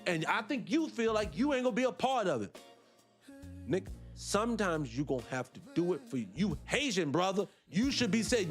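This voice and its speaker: A man's voice: moderate pace, faint music behind. A man with a Black American accent, giving heated, profane reaction commentary as a channel host. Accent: Black American English. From United States. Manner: profane, animated, swinging between loud and low.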